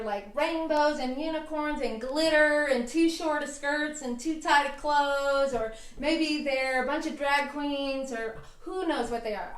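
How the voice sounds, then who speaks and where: A woman's voice: high voice, fairly bright tone. A woman hosting a self-help vlog, giving casual, enthusiastic advice in a chatty manner. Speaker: herbalist vlog host. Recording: roomy, distant mic.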